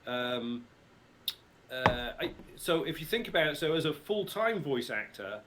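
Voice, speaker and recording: A man's voice: medium pitch, very animated, measured pace, a bit bright. Middle-aged english guy, rp accent, jokey and chatty on a stream interview, faint background noise. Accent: British Received Pronunciation. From England. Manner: chatty, joking, laughs easily. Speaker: voice actor guest. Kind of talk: casual livestream interview. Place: his mother's house in the UK.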